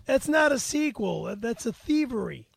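Defensive stammering guy, very high voice, gravelly edge. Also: sing-song, normal speed. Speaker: guest. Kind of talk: casual comedic banter.

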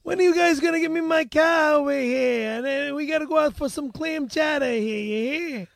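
A man's voice: extremely high pitch, moderate pace, creaky, no room sound, studio quality. A man putting on a brash Boston accent, playing a pushy guy tacking "over here" onto his demands. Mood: blustery.

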